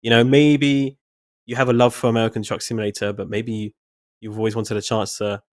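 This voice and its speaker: Upbeat low-voiced male stream host. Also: flat delivery, fairly quick, no echo. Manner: upbeat, talks to chat, promotional. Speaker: community host. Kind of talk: casual live stream chat.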